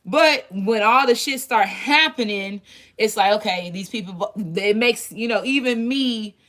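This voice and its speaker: A woman's voice: on the high side, measured pace, fairly bright tone. A woman hosting her own tarot channel, talking loosely and profanely with lots of restarts and asides. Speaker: tarot reader and channel host. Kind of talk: casual chat.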